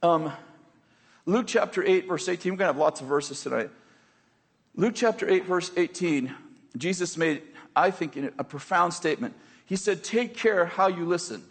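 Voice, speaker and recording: Male preacher, sermon, high voice, husky, conversational, joking asides. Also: lively intonation, moderate pace, big-room sound. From United States. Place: church hall with a congregation.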